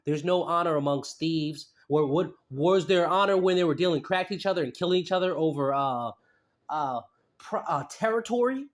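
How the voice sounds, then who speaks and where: Brief: man, high voice, skeptical commentator who repeats himself while picking apart a statement. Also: moderate pace. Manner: repeats phrases, skeptical and mocking. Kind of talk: casual commentary reading a statement aloud.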